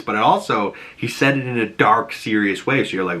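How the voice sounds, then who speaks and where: A man's voice: mid-range voice, animated, normal speed, few pauses, bright, forceful tone. A man casually recapping and reacting to a TV episode in a chatty way, full of fillers and laughing at his own quotes. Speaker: reaction and breakdown host.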